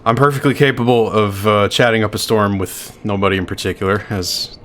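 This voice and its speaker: A man's voice: on the low side, steady tone, a little fast, fairly bright tone, a little hiss or hum. A man casually commenting on his own gameplay, joking, swearing and talking back to the game. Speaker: streamer.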